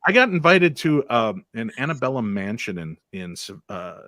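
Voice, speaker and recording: A man's voice: mid-range voice, normal speed, dry recording, studio quality. A man, a paranormal investigator, telling stories in casual chat and acting out the voices of people he quotes. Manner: animated storyteller, acts out quoted voices.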